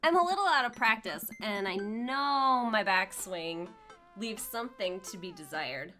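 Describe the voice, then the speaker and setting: Woman voicing dry teen daughter, slow deadpan read. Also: mid-range voice, faint music behind. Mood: teasing. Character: teenage daughter, dry and teasing.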